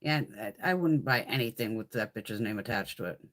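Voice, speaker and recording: A woman's voice: rumbling low, lively intonation, brisk. Blunt, foul-mouthed woman livestreamer. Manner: blunt, profane, ranting gossip. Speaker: beauty livestream host. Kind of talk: casual chat during a live makeup swatch stream. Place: home, in Connecticut.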